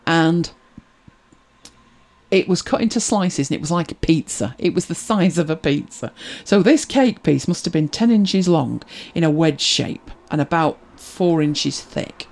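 A woman hosting a casual livestream, chatting and telling wry anecdotes as she reads viewer comments. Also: unhurried. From Britain. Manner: chatty, wry storytelling with lively pitch swings. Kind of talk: casual chat.

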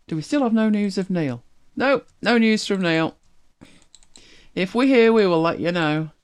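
With a mid-range voice, lively intonation, and a clean tone, a streamer from northern England chats at a measured pace. Their softened northern accent carries casual musings and frequent laughter as they react to videos for viewers.

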